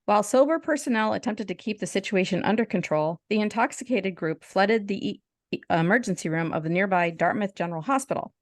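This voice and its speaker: A woman's voice: mid-range voice, fairly quick, no room sound, clean studio sound. A woman co-hosting a podcast, chatting casually and reading a story aloud with small stumbles and restarts. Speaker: podcast co-host.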